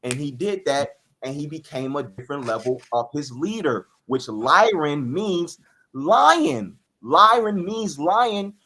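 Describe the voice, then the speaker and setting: A man's voice: fairly high pitch, a bit bright, breathy edge. A young man speaking earnestly as a guest in a spiritual conversation, repeating key phrases for emphasis.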